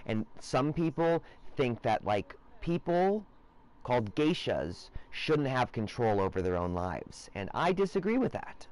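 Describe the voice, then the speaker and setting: A man streams in a wandering, erratic monologue, hopping between half-finished thoughts. His voice sits at an ordinary middle pitch. He swings into loud, profane rants without warning. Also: very animated, a little slow. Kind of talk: rambling casual monologue.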